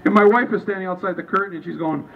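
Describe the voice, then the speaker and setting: A man's voice: high-pitched, fast. A man speaking informally to a live audience at a book event, rambling and restarting his sentences as he goes. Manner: rambling and conversational, with many restarts. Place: store during a book event. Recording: distant, muffled recording with faint ambience.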